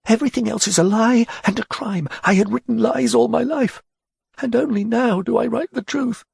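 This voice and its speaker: A man's voice: very high voice, normal speed, vocal fry, a little mellow, slightly rough, no echo, clean studio sound, pitched above the performer's own voice, full character voice. A man voicing a frightened, embittered court poet who speaks in an anxious, quavering way. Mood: fervent whisper.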